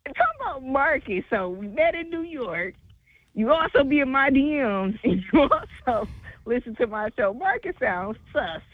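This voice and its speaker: A woman who hosts a show, bantering casually over the phone in a skeptical, teasing way with relaxed slang. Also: sits high, normal speed, no room sound. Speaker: radio show host. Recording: tinny phone line.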